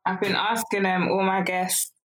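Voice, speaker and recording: A woman hosting an interview, asking her guest questions in a measured, steady way. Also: medium pitch, poor audio. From England. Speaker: podcast host.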